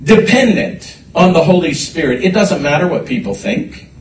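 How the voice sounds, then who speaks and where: Set back from a distant microphone, with faint room noise around him, a pastor preaches energetically in an echoing sanctuary. His slightly high voice moves at a moderate pace, repeating words and building toward shouted outbursts.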